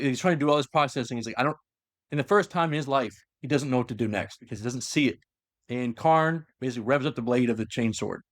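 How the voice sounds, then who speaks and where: A man's voice: medium pitch, no room sound, studio quality. A man casually retelling a long story to a co-host, acting out the lines with lots of fillers. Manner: animated, acts out quotes, frequent fillers. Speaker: podcast host retelling lore.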